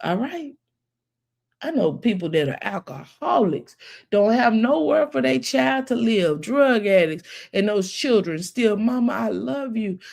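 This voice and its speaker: A woman's voice: fairly high pitch, measured pace, gravelly. A woman, talking casually to her viewers, preachy and folksy, who keeps calling them baby. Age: 40s. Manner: preachy, animated, folksy, calls listeners baby. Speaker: commentary channel host. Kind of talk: casual commentary with storytelling.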